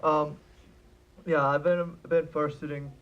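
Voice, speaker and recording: A man's voice: a little high, level tone, takes it slowly, dull audio, background noise. A man joking playfully while introducing himself on a convention panel. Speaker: panel co-host. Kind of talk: casual convention panel talk.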